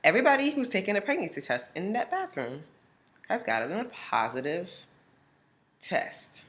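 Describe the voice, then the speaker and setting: A young woman vlogging, casually telling a personal story and acting out other people's lines with big jumps in her voice. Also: moderate pace. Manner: animated, acts out friends' lines with big pitch jumps.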